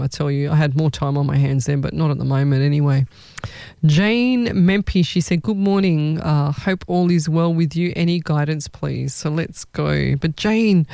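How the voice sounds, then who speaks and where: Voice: mid-range voice, dark tone, smooth, dry recording. A host giving a chatty, rambling live psychic reading, often restarting sentences.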